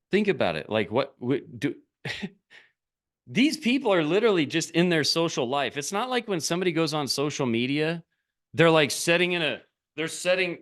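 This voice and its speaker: Animated man coaching straight to camera. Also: on the high side. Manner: animated, urging, asks many rhetorical questions. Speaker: business coach. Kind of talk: direct-to-camera coaching talk.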